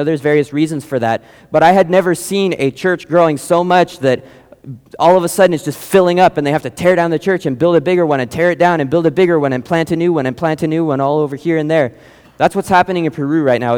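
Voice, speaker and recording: A man's voice: fairly high pitch, darkish tone, clear, resonant tone. A young man preaching a sermon, telling mission stories in a casual, digressive way. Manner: casual, digressive, many fillers. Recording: long reverb, large hall.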